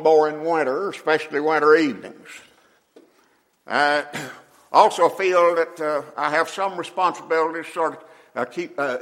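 An older man preaching a sermon in a folksy way, often clearing his throat between phrases. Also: a little high, fairly bright tone. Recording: long hall reverb.

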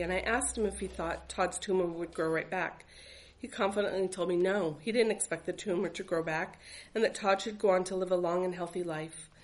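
A woman's voice: mid-range voice, poor audio. A woman reading aloud from her own memoir as a mother, in an earnest, reflective voice. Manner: earnest, reflective, faith-filled.

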